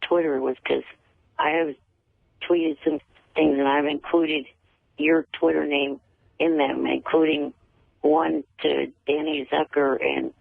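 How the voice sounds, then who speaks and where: Gravelly-voiced man on a tinny phone line. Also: on the high side, fairly even intonation, no room sound. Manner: halting, repeats words, slow. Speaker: caller. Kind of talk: phone-in radio chat. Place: on a phone call.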